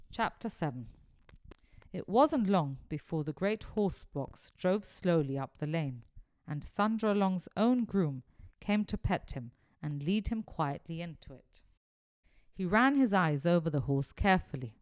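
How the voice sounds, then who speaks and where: Brief: expressive female storybook narrator, varied delivery, dry sound. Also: deep voice, unhurried, dry recording. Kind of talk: storybook reading.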